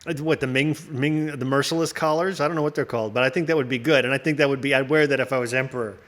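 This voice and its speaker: A man's voice: medium pitch, fairly even intonation, very fast, fairly bright tone. A man hosting a casual chat, riffing in a rambling, profane way and laughing often. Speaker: host.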